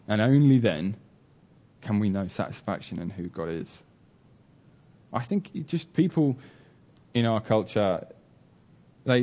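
A man's voice: fairly low pitch, warm tone. A man preaching a sermon, telling a story earnestly with many fillers and restarts.

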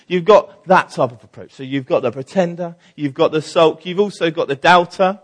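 A man leading a church team, giving a casual, lively sermon with many fillers and acted-out quotes. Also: fairly high pitch, brisk, few pauses. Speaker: church team leader preaching.

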